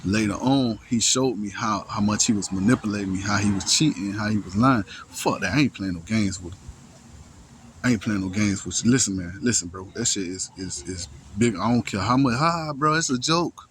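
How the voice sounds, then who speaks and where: A man with a fairly low voice tells a long personal story in loose, profane street slang. He restarts his sentences often and keeps checking in with his listener. Faint noise sits behind his voice. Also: a little fast. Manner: rambling, with many restarts and repeated words. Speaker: storyteller recounting a personal ordeal. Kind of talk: casual first-person storytelling.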